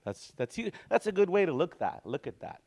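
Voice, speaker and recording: A man teaching a language lesson in a relaxed, easygoing way, slowly repeating words for practice and often restarting his sentences. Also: sits high. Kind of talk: informal spoken language lesson.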